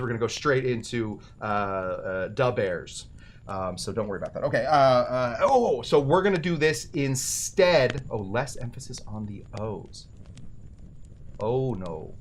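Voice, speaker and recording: A man's voice: medium pitch, slight background noise. A man hosting a cocktail show, talking casually with rambling, self-deprecating jokes and asides. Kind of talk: casual comedic how-to talk.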